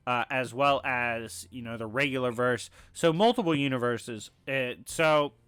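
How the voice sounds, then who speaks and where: A man with a bright, crisp voice lays out a scripted argument in a brisk, matter-of-fact way, dropping filler ums. His voice is a little raspy today. The recording is dry and close. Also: mid-range voice, no room sound. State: slightly raspy voice. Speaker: video essay narrator.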